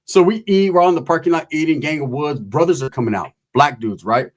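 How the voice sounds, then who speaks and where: Husky man telling a crude story. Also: fairly high pitch, brisk. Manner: crude street slang, animated retelling. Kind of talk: casual comic storytelling.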